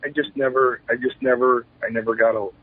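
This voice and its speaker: A man's voice: medium pitch, level tone, fast talker, slightly rough, dry recording. A man in his forties, a retired pro wrestler, telling candid stories in an interview. He speaks with animation, acts out old exchanges, and often restarts his sentences. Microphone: telephone. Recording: tinny phone line.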